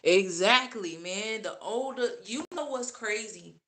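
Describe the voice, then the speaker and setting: A woman giving casual opinion commentary as a vlogger, sassy and animated, laughing often. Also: mid-range voice, measured pace.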